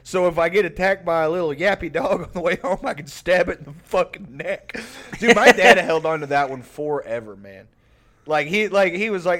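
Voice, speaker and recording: A man's voice: a little high, lively intonation, normal speed, a bit bright. A man telling a long, rambling, profane family story on a podcast, laughing often. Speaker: podcast host. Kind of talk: casual storytelling.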